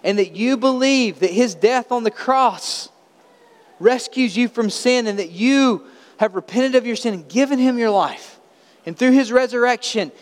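Emphatic man preaching in a reverberant church. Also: high-pitched. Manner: earnest, emphatic preaching with rhetorical questions. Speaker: pastor. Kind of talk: sermon. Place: church sanctuary. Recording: long hall reverb in a church.

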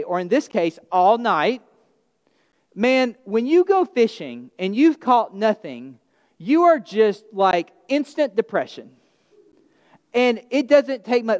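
A man preaching a sermon as pastor, retelling a Bible story in a lively storytelling way and acting out the characters' lines. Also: extremely high pitch, long reverb tail.

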